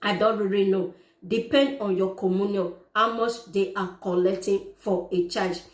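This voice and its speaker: A woman's voice: mid-range voice, steady tone, normal speed. A woman giving other parents earnest, repetitive step-by-step advice in direct address. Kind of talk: informal how-to explainer. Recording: echoey room.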